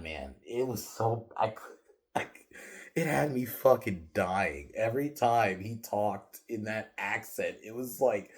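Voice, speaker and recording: Profane, laughing man ranting about a film. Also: on the low side. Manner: animated, profane, laughing often, many restarts and "like"s. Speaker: podcast host reviewing a film. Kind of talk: casual spoken review.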